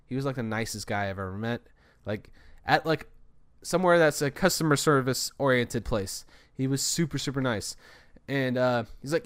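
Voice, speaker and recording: Solo podcast host, young man, tired and long-winded, talks in run-on stretches without pausing for breath, mid-range voice. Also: medium pitch, clean tone. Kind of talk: casual solo storytelling.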